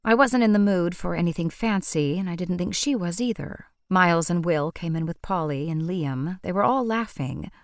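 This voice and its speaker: A woman narrating an audiobook in a measured, wry way. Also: fairly low pitch, no room sound, studio quality. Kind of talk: scripted narration.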